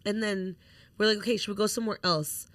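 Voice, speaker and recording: A young woman co-hosting a podcast, casually telling a lively story and swearing freely as she acts out what people said. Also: mid-range voice, quick pace, no room sound. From Mexican heritage. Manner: animated, swears freely, acts out quoted voices. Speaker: podcast co-host.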